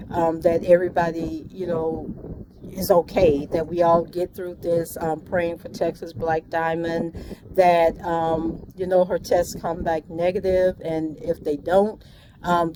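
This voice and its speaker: Earnest woman vlogging outdoors, traffic behind. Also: low-pitched. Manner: earnest, prayerful, many ums. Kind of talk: rambling walk-and-talk monologue. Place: outdoors on a morning walk by the bay. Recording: outdoor traffic and wind noise.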